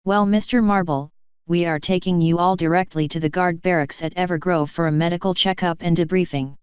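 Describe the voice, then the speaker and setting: A woman reading the part of a calm, formal male guard sergeant pony. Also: fairly low pitch, fairly quick, clean tone, dry recording, lo-fi sound, natural voice. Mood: solemn.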